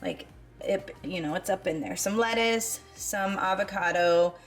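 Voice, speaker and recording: A woman's voice: medium pitch, unhurried, soft background music. A woman chatting in a casual voice-over about her cleaning routine, rambling with asides and short of breath. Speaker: cleaning vlogger.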